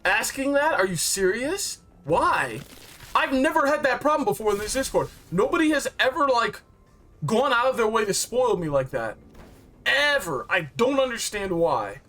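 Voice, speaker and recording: A man with a high, bright voice tells a game's story in a loose, excited ramble. He is slangy and full of fillers and quick asides. Soft music plays faintly underneath. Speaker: game reviewer. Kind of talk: casual storytelling recap.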